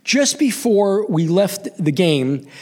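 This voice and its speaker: A man in his sixties from New York hosts a live storytelling show, animatedly acting out the quoted voices in his own story. His voice is high and he takes it slowly.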